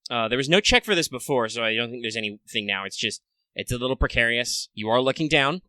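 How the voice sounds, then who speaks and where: A man's voice: medium pitch, animated, quick pace, sharp tone, dry recording. A man running a tabletop game as game master, rambling with many fillers and restarts.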